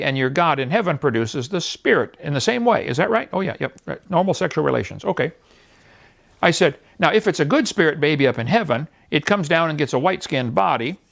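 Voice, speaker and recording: A man's voice: fairly high pitch, vocal fry. A man in his sixties preaching in a mocking, scornful way, laughing at the views he attacks and acting out the people in his stories. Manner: animated storytelling, quotes others in voices. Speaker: evangelist. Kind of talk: preaching talk.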